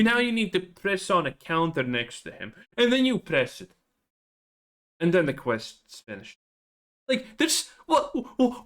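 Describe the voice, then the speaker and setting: A man's voice: extremely high pitch, a bit bright. A man giving ranting gameplay commentary, frustrated and profane. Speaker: gaming channel host.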